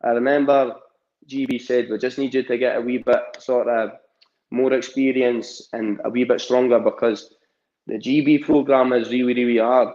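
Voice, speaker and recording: A man's voice: mid-range voice, steady tone, normal speed, darkish tone, muffled recording. A young man with a Scottish accent, talking as a boxer guest in a casual interview, full of fillers and restarts. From Scotland. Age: young adult. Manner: rambling, many fillers and restarts.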